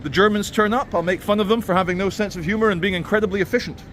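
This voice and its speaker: A man rants sardonically while vlogging on a walk through a city. He speaks at a racing pace in a high, somewhat bright voice with fairly even intonation, and there's slight background noise.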